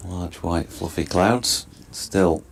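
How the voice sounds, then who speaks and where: A man giving live ball-by-ball cricket commentary in a steady, wry way as the lead commentator. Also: low-pitched, slow pace, a little hiss or hum. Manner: steady, wry, describes play and scene.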